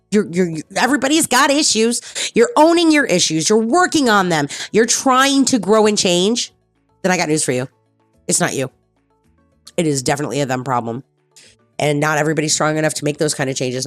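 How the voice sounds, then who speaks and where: Blunt, candid woman streamer with a lowish voice. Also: no room sound. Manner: candid and blunt, swears freely, emphatic repeats. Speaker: streamer host. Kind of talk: casual personal talk.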